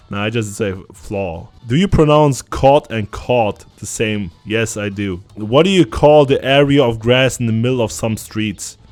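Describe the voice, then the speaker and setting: Lively sarcastic German-accented man. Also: medium pitch. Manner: sarcastic, profane, ranting banter. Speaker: streamer. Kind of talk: casual reaction to an online quiz.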